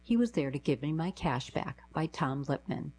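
A woman reading short newspaper diary columns aloud for a radio reading service, in a plain, even manner. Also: low-pitched, moderate pace, a little hiss or hum, rough recording.

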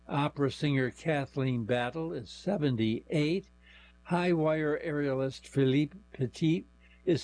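Radio reader: older man, raspy, unhurried, sometimes trips on names. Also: mid-range voice, a little mellow. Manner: unhurried, stumbles over names. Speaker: volunteer newspaper reader. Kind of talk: reading news aloud on radio.

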